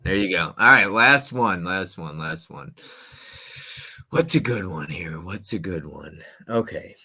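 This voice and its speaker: Man, very low voice, casual quiz host, playful, swings between loud and quiet. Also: animated, measured pace, slightly rough.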